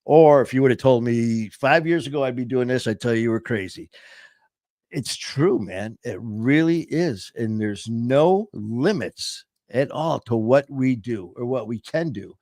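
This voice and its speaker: A man's voice: medium pitch, animated, measured pace, a little mellow, dry recording, studio quality. A man hosting a casual podcast, rambling and upbeat, often interrupting himself. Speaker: podcast host. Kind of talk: casual chat.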